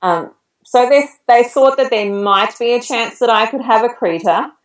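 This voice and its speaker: A woman in her thirties recounts a personal ordeal on a podcast, chatty and quick to laugh. She sits back from the microphone, and her voice carries a roomy echo. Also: on the high side, recorded from a distance. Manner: chatty, laughs while telling a frightening story. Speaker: podcast guest. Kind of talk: personal story in an interview.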